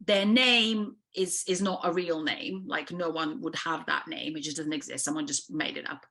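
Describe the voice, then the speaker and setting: A woman's voice: deep voice, fairly even intonation, moderate pace, vocal fry, pushed and bright. Serbian woman casting director talking frankly, lots of you know and restarts. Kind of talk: interview conversation.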